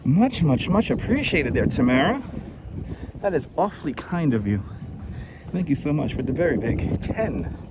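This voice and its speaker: Slightly high New guy, a bit winded, live-streaming a beach walk on a wireless mic with wind noise. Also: very animated, moderate pace. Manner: chatty, greets viewers by name. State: a little out of breath from walking fast. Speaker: livestream host. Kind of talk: live walking stream, greeting chat. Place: outdoors on a windy beach. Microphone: wireless clip-on mic.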